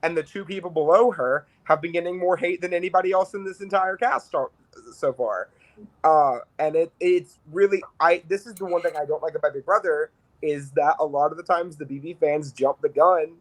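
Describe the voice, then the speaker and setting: A man's voice: on the high side, moderate pace, rough recording. A man co-hosting a reality TV podcast, talking bluntly and ranting with casual swearing. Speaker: podcast co-host. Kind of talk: casual chat.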